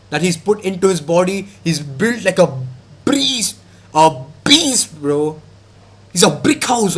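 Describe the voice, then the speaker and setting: A man's voice: sits high, breathy edge. A young man ranting in a heated, mocking, slangy way as he reacts to football.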